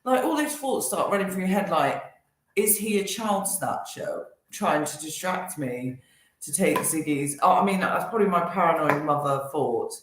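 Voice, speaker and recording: A woman's voice: lowish voice, lively intonation, normal speed. Chatty young mother in echoey room. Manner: chatty, self-deprecating, laughs while telling a story. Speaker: co-host of a family live stream. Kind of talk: casual storytelling. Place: home kitchen. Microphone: live-stream mic. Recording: very echoey room, faint noise.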